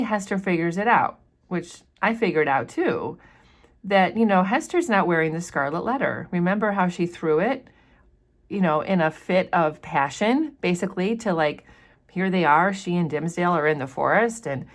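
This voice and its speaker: A woman teacher chatting through a novel chapter, explaining passages with casual fillers. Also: fairly low pitch. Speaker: literature teacher. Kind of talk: casual book commentary with read passages.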